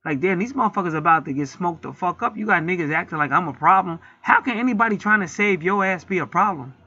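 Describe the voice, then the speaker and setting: A man's voice: sits high, expressive, fast talker, pushed and bright. A man hosting his own channel, ranting to viewers in a casual, heated, profane and preachy way. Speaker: channel host. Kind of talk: casual rant to camera. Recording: dull lo-fi dry sound.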